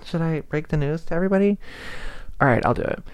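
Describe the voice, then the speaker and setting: A young man hosts a solo podcast, chatting casually in a rambling, self-deprecating way. His voice is on the high side and smooth, with lively intonation and a quick pace, and there's no room sound.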